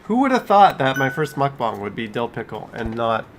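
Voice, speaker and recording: A man's voice: medium pitch, very animated, normal speed, slight background noise. A man, live streaming from home, chatting casually and reading viewer messages aloud while snacking.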